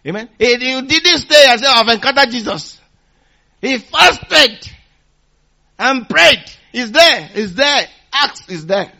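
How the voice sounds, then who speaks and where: A man preaching a sermon in a call-and-response manner, repeating phrases for emphasis and swinging between loud exhortation and quiet teaching. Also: high voice.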